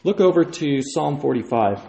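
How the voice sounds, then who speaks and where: A man's voice: a little high, expressive, normal speed, gravelly, warm tone, a little hiss or hum. A man preaching a sermon, emphatic and rising in force when he quotes scripture. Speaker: pastor. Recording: echoey room.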